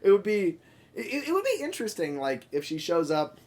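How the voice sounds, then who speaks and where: Casting: chatty male podcast co-host, lively swooping pitch, slightly high. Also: brisk. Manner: animated, laughing, many fillers. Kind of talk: casual chat.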